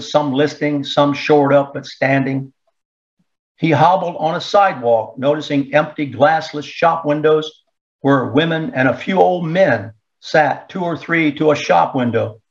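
Man reading a story, dull lo-fi sound. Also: a little high. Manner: steady, measured storytelling with rhythmic repetition. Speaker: narrator. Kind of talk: scripted narration of a story. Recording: dull lo-fi recording.

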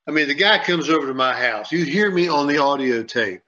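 On a sports radio show, a man rambles through a story, repeating himself and acting out what people said. His fairly high voice is lively and sharp, moving fairly quickly, and the lo-fi recording sounds dull.

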